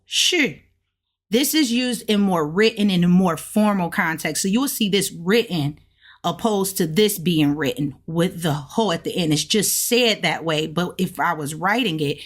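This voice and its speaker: A woman hosting a casual video lesson, explaining step by step and drawing out sounds to demonstrate them. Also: lowish voice. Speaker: host of a language-learning channel.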